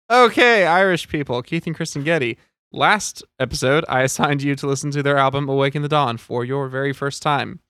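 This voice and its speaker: A man's voice: medium pitch, pushed and bright, clean tone, dry recording, studio quality. A man co-hosting a podcast in casual chat, playful and joking. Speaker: podcast co-host.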